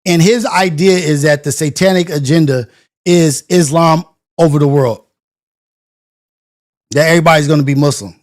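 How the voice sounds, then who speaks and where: A man hosting a morning show, giving casual reaction commentary in an animated, slangy rant full of rhetorical questions. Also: fairly high pitch, normal speed, long pauses.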